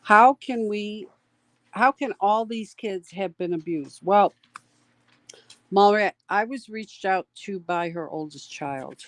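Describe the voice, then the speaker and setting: A woman's voice: mid-range voice, slow, dry recording. A woman hosting a casual live commentary, indignant and emphatic, repeating points for weight. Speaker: host of a commentary stream.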